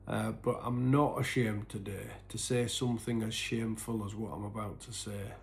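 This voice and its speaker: A man telling his own story in an earnest, halting way, full of restarts, and sometimes sinking to a near-whisper. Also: lowish voice, steady tone. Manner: sinks to a soft, breathy near-whisper at painful moments. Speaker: recovery vlogger. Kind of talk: personal confessional storytelling.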